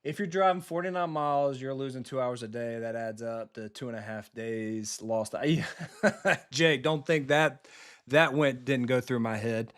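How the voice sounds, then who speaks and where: A man's voice: medium pitch, fairly bright tone, clear, resonant tone. Casual man commenting live on a football game. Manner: casual, blunt and profane, quick reactions to the game. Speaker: video game streamer and football coach. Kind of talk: live gameplay commentary, chatting with viewers.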